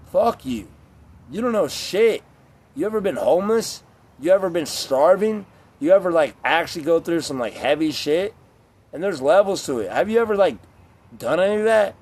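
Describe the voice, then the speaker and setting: A man's voice: fairly high pitch, animated, moderate pace. A young man ranting to camera in a blunt, profane, rambling vlog monologue, now and then mocking the voices of others. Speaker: vlogger.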